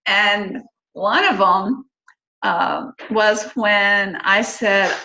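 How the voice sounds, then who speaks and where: A woman's voice: mid-range voice, very slow, highs cut off. Chatty woman in her fifties, roomy sound. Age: 50s. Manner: chatty, animated when quoting and opinionated. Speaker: group discussion host. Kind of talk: casual online group chat.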